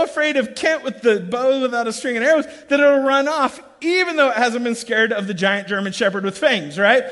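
A middle-aged man, a pastor, preaching a sermon as an animated storyteller, laughing and acting out sounds as he goes. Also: very high voice, a little fast, few pauses. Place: church sanctuary. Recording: large hall with long reverb, faint music.

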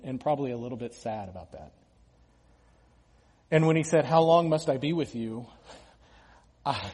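A pastor delivering a conversational sermon, talking casually with restarts and the odd small laugh. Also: male voice, mid-range voice, a little mellow, husky, big-room sound.

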